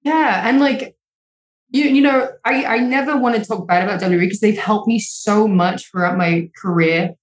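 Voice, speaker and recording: A woman's voice: medium pitch, normal speed. A young woman, a podcast guest, telling a personal story in a candid way, swearing often and filling her talk with "like". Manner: emotional, swears freely, many "like" fillers. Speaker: interview guest. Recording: echoey room sound.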